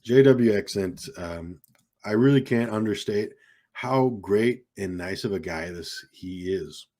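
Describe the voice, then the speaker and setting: A man's voice: on the low side, measured pace, a little mellow. Rambling man chatting on a livestream. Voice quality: rambling, many ums and uhs. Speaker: livestream host. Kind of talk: casual livestream chat. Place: home streaming setup in California. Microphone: desk microphone with keyboard behind it.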